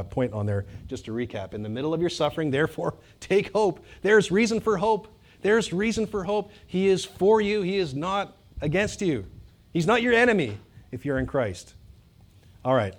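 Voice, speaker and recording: A male pastor preaching a sermon to a congregation, animated and emphatic, building to loud bursts and dropping to quiet, joking asides. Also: medium pitch. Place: church hall with congregation.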